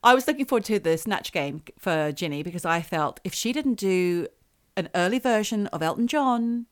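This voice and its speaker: A woman's voice: medium pitch, lively intonation, moderate pace. A middle-aged Australian woman co-hosting a podcast in casual, chatty, jokey talk with some swearing. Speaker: podcast co-host. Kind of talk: casual chat.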